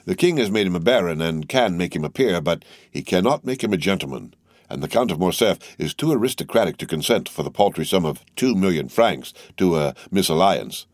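A man's voice: sits low, animated, brisk, dry recording, studio quality. A man voicing a sardonic, teasing young male journalist in a classic novel reading. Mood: mocking. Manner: mocking, teasing.

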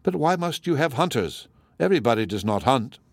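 A quiet young gentleman with a dry, teasing wit, read by a man. The voice stays in a middle register, close and dry. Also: mid-range voice, sing-song, brisk, dry recording, voice pushed up. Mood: wry. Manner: wry, gently mocking. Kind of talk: audiobook character reading.

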